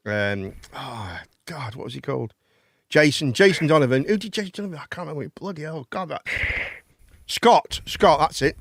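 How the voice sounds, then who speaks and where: A man's voice: on the high side, expressive, moderate pace, vocal fry, fairly bright tone, husky, dry recording, studio quality. A man, hosting a live chat and phone-in show, rambling and swearing casually. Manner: rambling, chatty, swears casually, calls people mate.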